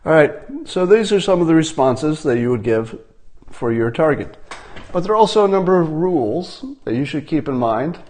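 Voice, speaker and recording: A man giving a deadpan satirical monologue, mock-instructional and ironic in tone. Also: fairly high pitch, moderate pace. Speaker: commentator.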